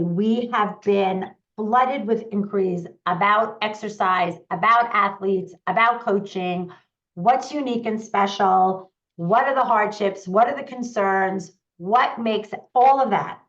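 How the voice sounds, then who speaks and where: A woman's voice: mid-range voice, animated. Woman, host, live online chat, eager, upbeat, list-like delivery, slightly muffled lo-fi sound. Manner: upbeat, eager, lists things in quick runs. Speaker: host and parenting coach.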